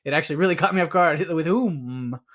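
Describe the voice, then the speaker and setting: A man co-hosting a movie podcast, chatting casually and rambling with lots of fillers and quick laughs. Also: fairly high pitch, fairly even intonation, fairly bright tone. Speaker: podcast co-host. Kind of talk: casual movie review chat.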